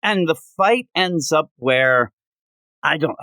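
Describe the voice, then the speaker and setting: Animated man recapping comics. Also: fairly high pitch, slow pace, no room sound. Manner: animated, acts out quotes in funny voices. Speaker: comic book reviewer. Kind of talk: casual review chat.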